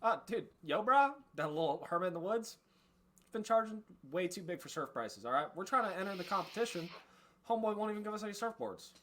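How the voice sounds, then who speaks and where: Laid-back surfer-dude bandit leader, breezy drawl, slang, calls everyone dude, raised bright voice, a man putting him on for a tabletop game. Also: sits high, animated, a little fast, pitched above the performer's own voice. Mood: friendly.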